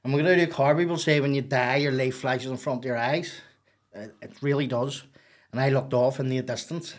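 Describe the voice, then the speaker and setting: A man, a podcast guest telling a story in a casual, animated, profane and rambling way. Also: mid-range voice, brisk.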